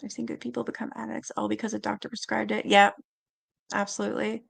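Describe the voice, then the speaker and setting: A woman hosting a live-stream panel, chatting casually and reading viewer comments aloud with quick asides. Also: medium pitch, creaky, breathy edge. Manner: chatty, animated, quick asides and little laughs.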